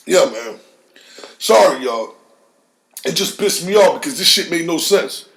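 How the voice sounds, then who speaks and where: A middle-aged man hosting a podcast, delivering a heated, profane solo rant that swings from low mutters to high shouts. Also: vocal fry, reverberant. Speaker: podcast host.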